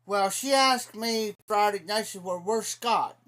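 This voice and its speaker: A man's voice: high voice, a bit bright. A man with an Ohio accent telling a rambling, indignant story in a casual livestream, repeating "I said" as he goes. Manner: drawling, slow-paced delivery.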